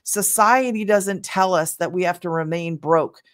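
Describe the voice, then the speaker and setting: A woman's voice: fairly low pitch, measured pace, dry recording, clean studio sound. A middle-aged woman talking to camera in a casual testimonial, earnest and emphatic, rambling as she goes. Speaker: online business vlogger.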